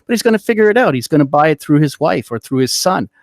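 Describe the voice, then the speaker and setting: A middle-aged man with a somewhat high voice rants in a casual podcast chat, profane and rambling, restarting his sentences as he gets worked up. The sound is dry and close, with no room around it. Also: very animated, fast talker, vocal fry, no echo. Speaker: podcast host.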